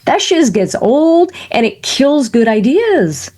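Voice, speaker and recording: Animated high-pitched woman telling stories. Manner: animated, laughing storyteller with quick asides. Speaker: podcast guest. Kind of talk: lively conversational interview.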